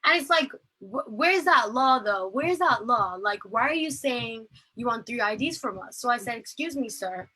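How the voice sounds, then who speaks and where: A woman's voice: on the high side, expressive, moderate pace, hardly any pauses, sharp tone, slightly rough, poor audio. A woman, giving earnest, impassioned personal testimony over a video call. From Ireland. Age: late teens. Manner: earnest, impassioned, filler-heavy storytelling. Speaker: protest speaker.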